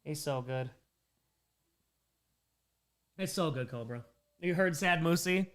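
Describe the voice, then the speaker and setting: A man hosts a charity livestream, reading donations aloud, bantering with chat, and sometimes slipping into a made-up persona. His voice is a little high and fairly bright, and he speaks slowly.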